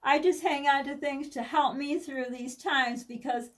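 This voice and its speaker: Woman, middle-aged, high voice, rambling candid vlog talk, a bit distant from the mic. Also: a little slow. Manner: rambling and candid, with many restarts and asides. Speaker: vlogger.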